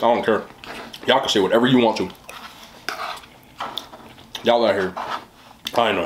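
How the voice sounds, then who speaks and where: A man's voice: mid-range voice, moderate pace, long pauses, background noise. Man chatting while eating, echoey room. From West Indian family. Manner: chatty, talks with mouth full. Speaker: mukbang host. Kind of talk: casual eating vlog chat.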